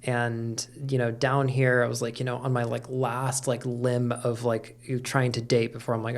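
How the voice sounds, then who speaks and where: A man's voice: mid-range voice, completely flat delivery, moderate pace, gravelly, few pauses. A middle-aged man talking candidly as a podcast guest, with lots of fillers and casual swearing. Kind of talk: casual conversation.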